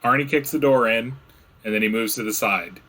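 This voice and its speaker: A young man runs a tabletop game in a loose, chatty way, padding every description with filler words. His voice has a bright, forward tone at an ordinary pitch. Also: brisk. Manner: rambling, filler-heavy descriptions. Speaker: game master. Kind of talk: running a tabletop game, casual.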